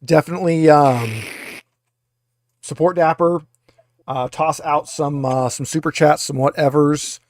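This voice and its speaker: A man's voice: on the high side, steady tone, a little slow, long pauses, no echo, clean studio sound. A man running a tabletop game as game master, talking in a rambling way with many filler uhs. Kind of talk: narrating a tabletop game over a video call.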